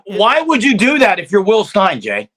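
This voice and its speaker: Male co-host, high and bright, argumentative, keeps naming his partner. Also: huge pitch swings, normal speed. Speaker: sports podcast co-host. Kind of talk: casual sports talk.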